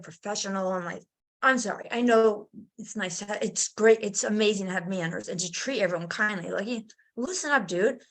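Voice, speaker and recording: A middle-aged woman telling a personal story in a casual, animated way, acting out the voices of people she describes. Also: on the high side. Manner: animated, acts out voices in her stories. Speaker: guest.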